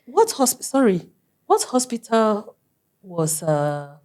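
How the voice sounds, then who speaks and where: A woman's voice: mid-range voice, very animated, slow, darkish tone. A woman hosting an interview, asking curious follow-up questions and sometimes apologizing for interrupting. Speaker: host.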